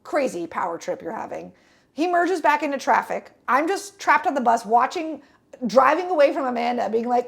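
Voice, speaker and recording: A woman's voice: sits high, lively intonation, normal speed, gravelly. A young woman telling a rambling travel story on a casual podcast, with lots of fillers and restarts. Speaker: podcast co-host.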